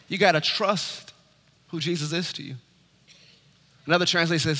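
Male pastor, high and sharp-edged tone, dynamic sermon delivery in a reverberant hall. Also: fairly quick, pauses often. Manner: preaching with wide swings from loud high urging to low hush.

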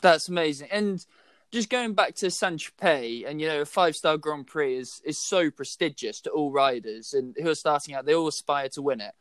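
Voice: medium pitch, moderate pace, dry recording. A podcast host asking a guest long, friendly questions full of fillers. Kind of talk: interview questions.

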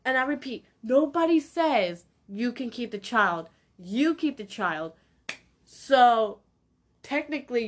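Blunt, heated young woman podcaster. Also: on the high side. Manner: blunt and heated, repeats points, slangy. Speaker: podcast host. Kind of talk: opinionated solo podcast rant.

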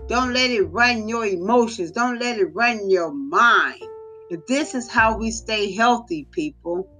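A woman's voice: fairly high pitch, a bit bright. A woman giving a motivational faith talk, exhorting listeners with repeated phrases. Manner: repetitive, exhorting, preacher-like. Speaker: speaker of a faith podcast.

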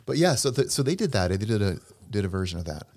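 A middle-aged man, a pianist who co-hosts a casual podcast, chats as a jokey storyteller who rambles. His fairly low, a little mellow voice swings widely in pitch at a quick pace.

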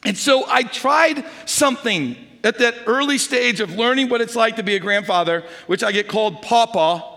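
An older man preaches with a high, bright voice that has a gravelly edge. He tells homely stories and sinks to a hush for quoted whispers. The sound rings in a large hall with a long reverb. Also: normal speed. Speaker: pastor. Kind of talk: sermon.

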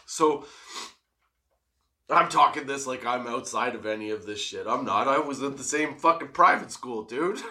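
A man's voice: mid-range voice, takes it slowly, pauses often. A young man casually telling a profane story, laughing often. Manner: profane, laughing, animated retelling.

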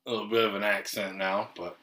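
Joking man on a podcast, bright voice. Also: lowish voice, steady tone, fast, a little hiss or hum. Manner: laughs often, loose and joking. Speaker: podcast co-host. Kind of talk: casual chat. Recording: roomy, from far off the mic.

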